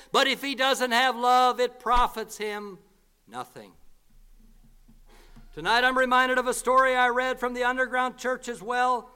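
Male preacher, sermon, very high voice, bright, smooth, emphatic repetition. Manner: earnest, emphatic, repeats key lines.

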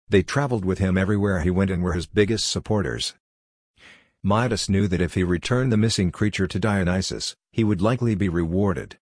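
A man's voice: sits low, slightly rough, no room sound, clean studio sound. A man narrating a scripted storybook in a plain, lightly humorous way.

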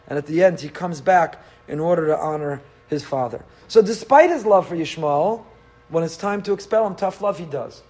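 Male rabbi type, higher-pitched, lively lecturing delivery. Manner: animated, rhetorical questions, mixes Hebrew and Yiddish terms. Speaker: rabbi teaching the weekly Torah portion. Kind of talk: Torah class lecture.

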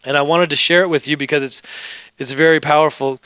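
A middle-aged male pastor delivers a sermon through stories and joking asides. His voice sits somewhat high and rings bright and forceful. The sound is dry and close. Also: fairly even intonation, a little fast, clean tone, dry recording. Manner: storytelling, joking asides with the congregation.

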